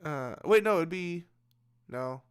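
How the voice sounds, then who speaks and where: Young guy, stream host, late-night casual chat, rambly with repeats, smooth tone a touch high. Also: expressive, slow. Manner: rambling, repeats and restarts words. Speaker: livestream host.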